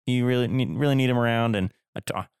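A man's voice: medium pitch, fast, creaky, a little mellow, smooth, no echo, studio quality. A man co-hosting a podcast in casual chat, hesitant and agreeable, often restarting his sentences. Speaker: podcast co-host.

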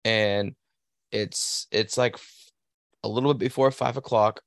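A man's voice: medium pitch, steady tone, moderate pace, creaky, no echo, clean studio sound. A young man on a podcast telling a rambling work story in a casual, profane way. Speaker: podcast host. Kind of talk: casual chat.

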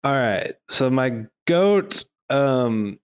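A man on a casual podcast, giving his picks in a relaxed way that often trails off. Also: mid-range voice, extremely slow, clear, resonant tone, dull audio. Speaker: podcast co-host.

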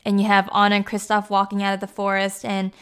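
A woman's voice: medium pitch, completely flat delivery, fast, smooth. A woman giving a casual, chatty recap, with lots of "like" and "you know" as she talks.

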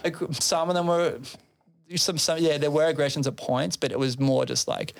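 Gravelly guy rambling thru a festival story, swears a ton, laughs here n there. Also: fairly high pitch, fairly even intonation, moderate pace. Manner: profane, rambling, laughs between phrases. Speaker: festival organizer. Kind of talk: casual storytelling chat.

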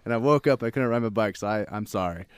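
A man's voice: on the low side, fast talker, clean tone, no room sound, studio quality. A young man telling a story on a casual podcast, laughing often, swearing and acting out what people said.

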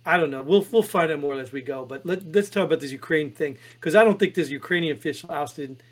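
A man co-hosting a podcast, talking through political headlines in an animated, exasperated way with many restarts. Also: a little high, quick pace. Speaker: podcast co-host reading headlines. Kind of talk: casual political chat.

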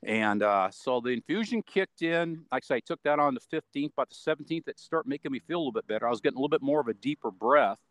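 A man's voice: mid-range voice, expressive, fast talker, few pauses, no echo. A man gives a casual spoken account as an interview guest. His talk meanders and is full of fillers. The recording is dry, with no room sound around his voice. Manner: rambling, meandering delivery with many fillers.

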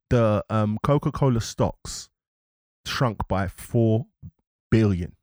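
A man's voice: fairly low pitch, takes it slowly, dry recording, clean studio sound. A man, co-hosting a live-streamed podcast in casual, rambling chat full of slang. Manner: animated, rambling, London slang. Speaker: podcast co-host. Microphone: podcast microphone.

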